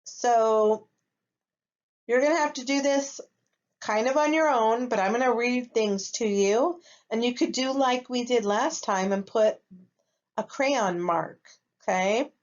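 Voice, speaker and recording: A woman gives a recorded lesson to young children at an unhurried, careful pace. She speaks patiently and keeps checking that her students are following. The recording sounds a little dull and lo-fi. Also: fairly high pitch. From United States. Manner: patient, slow, checks in with "okay?". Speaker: first grade teacher.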